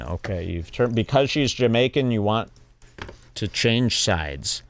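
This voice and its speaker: Sarcastic male podcast host, lively pitch. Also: measured pace, dry recording. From Texas. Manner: sarcastic, mock-enthusiastic, thinking aloud. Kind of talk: casual comedic commentary on clips.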